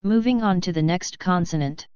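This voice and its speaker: A woman narrating a step-by-step language lesson, slow and deliberate as she spells out each rule. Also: lowish voice, a little mellow, clean tone, no echo. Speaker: language teacher. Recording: dull lo-fi dry sound.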